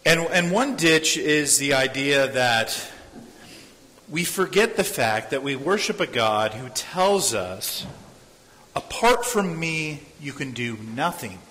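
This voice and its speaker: A man's voice: medium pitch, expressive, slow pace, pushed and bright. A man preaching a sermon as a pastor. He speaks earnestly, repeats his phrases and acts out the voices of people he quotes. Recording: long hall reverb.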